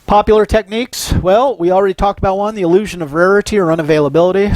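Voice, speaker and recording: An older man from Southern California giving a psychology lecture, telling animated personal stories and often checking in with "right?". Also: sits high, fast talker, few pauses, no room sound. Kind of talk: recorded university lecture.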